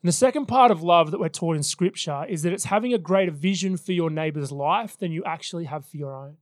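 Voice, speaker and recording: A man's voice: on the high side, fast talker, no echo, clean studio sound. A man in his thirties preaching a sermon as pastor, telling personal stories in an earnest way. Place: church service.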